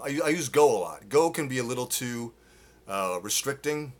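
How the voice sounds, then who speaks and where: A man teaching singing live, explaining technique with restarts and breaking into loud sung demonstrations. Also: medium pitch, a little slow. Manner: demonstrates with loud sung grunts and vocal exercises. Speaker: vocal coach. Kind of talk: live-streamed singing lesson. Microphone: phone.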